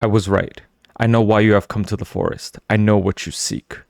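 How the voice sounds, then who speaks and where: A man's voice: lowish voice, steady tone, normal speed, gravelly, darkish tone, no room sound, studio quality. A man voicing a stern, mysterious woman of the forest who gives solemn commands in an audiobook. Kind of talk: audiobook character voice.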